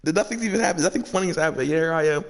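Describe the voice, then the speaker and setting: A man's voice: on the high side, rapid-fire. A man playing through a story game, reading the lines aloud and chatting in a casual, giggly way with lots of swearing and slang. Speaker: game streamer. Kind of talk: let's play, reading game dialogue aloud. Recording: game music playing behind.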